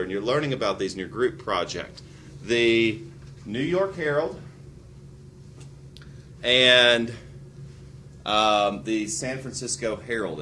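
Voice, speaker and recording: A man giving a college history lecture, animated and wry, with sarcastic asides. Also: a little hiss or hum. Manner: animated, acts out quotes with big pitch jumps.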